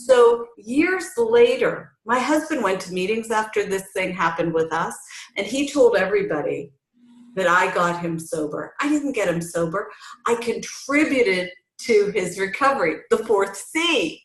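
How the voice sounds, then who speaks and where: A middle-aged woman coach telling her story in an interview, animated and acting out the voices she quotes. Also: medium pitch, measured pace. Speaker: family recovery coach, guest. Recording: roomy echoey sound.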